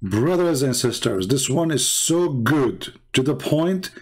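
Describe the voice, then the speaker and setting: A man giving sarcastic reaction commentary on videos, mocking and chuckling, in broken English, his voice going hoarse. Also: medium pitch, expressive, a little slow, few pauses. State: losing his voice.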